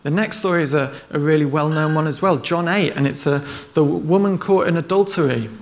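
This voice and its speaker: A man preaching with a slightly raised pitch and a gravelly, fry-edged voice. He retells stories in a relaxed, conversational way and acts out the quoted lines, with faint noise behind him. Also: a little fast. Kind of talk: sermon.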